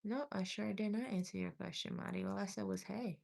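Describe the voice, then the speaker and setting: A woman's voice: medium pitch, gravelly, a little mellow. A woman doing tarot readings on a livestream, reading chat aloud and calling viewers honey and sweetie. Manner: chatty and affectionate, calls viewers honey and sweetie; reads chat aloud while scrolling, with pauses and restarts.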